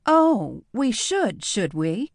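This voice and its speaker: A man voicing a wry, nervous young woman with a clipped Midwestern accent and a quick, smart mouth. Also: high voice, sing-song, no echo, studio quality, pitched above the performer's own voice, exaggerated voice. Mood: teasing. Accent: Midwestern American.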